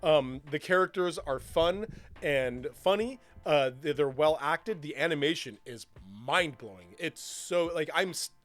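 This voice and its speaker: A man co-hosting a podcast, talking in an enthusiastic, animated way and laughing often. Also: fairly high pitch, unhurried, soft background music. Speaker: podcast co-host. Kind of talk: casual chat.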